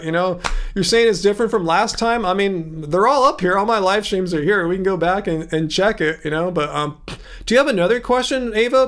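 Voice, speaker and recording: A man's voice: sits high, a bit bright. A man with a Southern Californian accent hosting a livestream, chatting casually and rambling, laughing easily. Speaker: livestream host.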